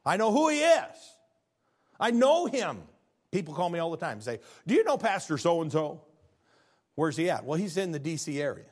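A man in middle age delivers a sermon from the pulpit. His voice sits a little high for a man. He drops to near whispers and climbs to fervent, shouted peaks. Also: sing-song, moderate pace, husky. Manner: preaching with big swings from hushed to shouted. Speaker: pastor.

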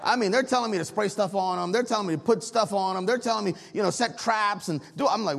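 High-voiced preacher telling a story. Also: male voice, fairly quick, creaky. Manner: storytelling, animated, with congregation responses. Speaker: pastor. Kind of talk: sermon.

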